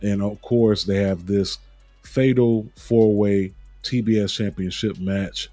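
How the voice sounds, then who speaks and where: A man's voice: on the low side, fairly even intonation, takes it slowly, warm tone, no echo, soft background music. A man hosting a casual wrestling talk show, joking and laughing at his own stumbles over names. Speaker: podcast host.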